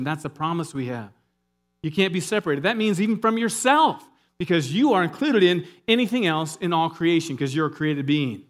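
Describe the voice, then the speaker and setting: A man preaching a sermon in a lively, conversational way, with asides and jokes to the congregation. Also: a little high. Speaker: pastor.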